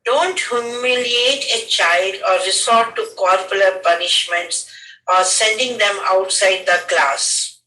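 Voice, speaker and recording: An older Indian woman, a retired school head, giving a measured lecture on teachers' duties in Indian English. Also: mid-range voice, bright, forceful tone, roomy sound, recorded from a distance, poor audio. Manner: slow, measured, instructive list of dos and don'ts.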